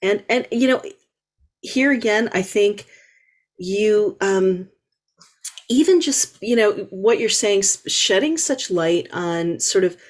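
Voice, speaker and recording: A woman hosting a knitting podcast, asking questions in a halting, filler-heavy way. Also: medium pitch, animated. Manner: halting, many restarts and fillers. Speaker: podcast host. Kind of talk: casual interview.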